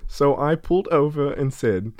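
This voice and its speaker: A man's voice: a little high, normal speed, a little mellow, no echo, natural voice. A man doing a shaky British-accented impression. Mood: playful. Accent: attempted British. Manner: slipping, half-laughing attempt. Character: impression of a famous older British actor, telling a silly story.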